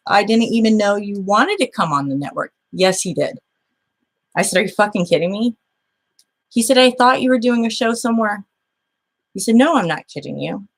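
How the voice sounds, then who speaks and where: A woman hosting her own show, recounting a dispute by reading old messages aloud, blunt, aggrieved and swearing freely. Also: mid-range voice. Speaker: show host.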